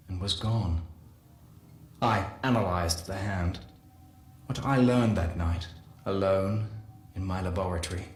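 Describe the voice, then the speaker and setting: A man giving a dramatic first-person lore reading, measured and solemn, with slow deliberate pauses. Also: lowish voice. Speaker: lore narrator. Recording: roomy echo with faint hiss.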